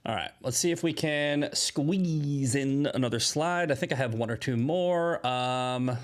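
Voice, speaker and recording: A man's voice: mid-range voice, measured pace, hardly any pauses. A man hosting solo political commentary, emphatic and often asking "right?" as he restarts his phrases.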